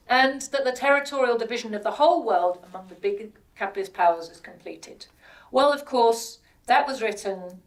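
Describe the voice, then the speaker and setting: A woman's voice: medium pitch, distant mic, rough recording. A British woman speaking as the guest at an event, making her points with rhetorical questions and words repeated for stress. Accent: British English. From Britain. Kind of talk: public speech.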